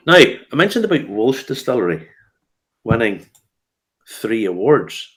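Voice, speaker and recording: A man's voice: medium pitch, very animated, unhurried, pauses often, fairly bright tone. A man hosting a casual whiskey news chat, telling stories with lots of fillers and restarts. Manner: chatty storyteller, laughs often, frequent fillers and restarts. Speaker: host of a whiskey news show.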